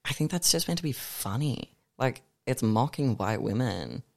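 Young man, podcast guest, animated and blunt, dry close recording. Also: mid-range voice, creaky, no room sound. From Australia. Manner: animated, swears freely, reads poetry with slow force. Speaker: guest artist and poet. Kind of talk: casual podcast chat.

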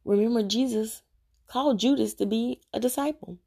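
A woman's voice: a little high, normal speed, creaky, mellow, slightly rough. Earnest woman giving a confessional devotional talk. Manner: earnest, preachy, direct address to viewers. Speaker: Christian vlogger sharing her faith journey.

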